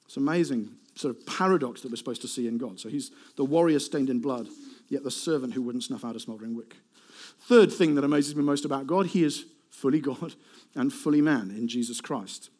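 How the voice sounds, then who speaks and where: A middle-aged male preacher giving a sermon, animated, asking rhetorical questions and swinging between loud emphasis and soft asides. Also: medium pitch, a little fast, husky.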